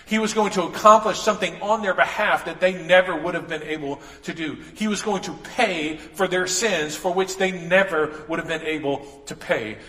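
Pastor, man, bright forceful voice, casual preaching style, echoey church hall. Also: sits high, normal speed, few pauses. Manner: conversational preaching with asides and restarts. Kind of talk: sermon. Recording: echoey hall with long reverb.

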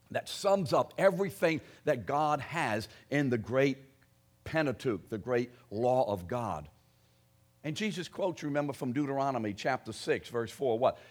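A man preaching a sermon, stressing key phrases loudly, then dropping low and quiet. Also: lively intonation, a little slow.

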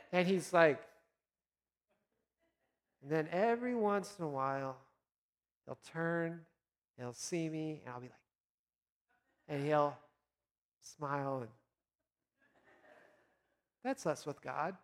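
A man speaking as a pastor, giving an earnest, encouraging devotional talk for Lent with gentle pauses. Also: fairly high pitch, in a large hall.

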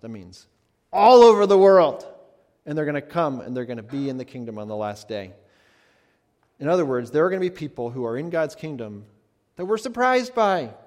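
Man preaching in an echoing hall. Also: high voice. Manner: expressive, swings between emphatic and hushed. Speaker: pastor. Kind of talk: sermon. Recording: long hall reverb.

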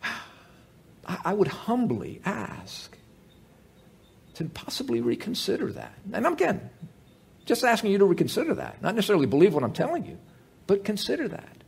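A man preaching a sermon to a live gathering, conversational and animated, with humorous asides and frequent restarts. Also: sits high, normal speed, gravelly, pauses often, breathy edge. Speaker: pastor.

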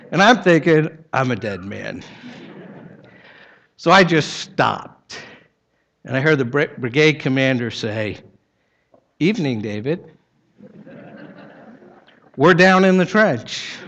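A man's voice: high-pitched, a bit bright, highs cut off. A middle-aged man preaching a sermon, telling a personal story in a conversational way with dry humor before turning to the text. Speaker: pastor.

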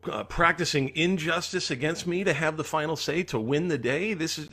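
A man's voice: on the high side, moderate pace, few pauses, pushed and bright. A man preaching a sermon as pastor, earnestly acting out the psalmist's pleas.

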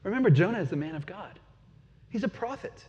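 A man's voice: high-pitched, animated, fairly quick, darkish tone. A man preaching a sermon in a conversational way, often asking his listeners questions. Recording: dull sound with long hall reverb.

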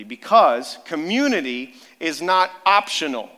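A man in his thirties preaching a sermon, telling stories in an animated way and rising to loud emphasis. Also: a little high, moderate pace. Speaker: pastor. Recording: long reverb of a large hall.

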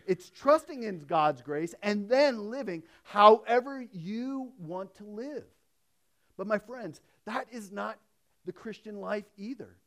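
A man preaching a sermon in a conversational way, swinging between emphatic raised passages and hushed storytelling. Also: a little high. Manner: conversational, with restarts and asides. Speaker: pastor.

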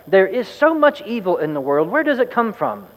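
A man voicing a pompous, exasperated old male sage who lectures slowly, loudly and tartly, in a reverberant church hall. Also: sits high, very animated, pitched above the performer's own voice. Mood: lecturing. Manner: tart, loud and slow, lecturing.

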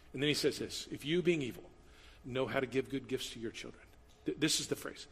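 A man preaching a sermon as pastor, animated, moving from loud emphatic passages to quiet asides. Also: mid-range voice, fairly quick, breathy edge. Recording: long hall reverb.

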